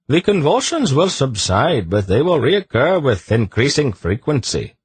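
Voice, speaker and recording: A man's voice: medium pitch, big pitch swings, measured pace, husky, no room sound, voice pushed up, exaggerated voice. A man voicing a detached male poison expert who speaks in a clinical, matter-of-fact way.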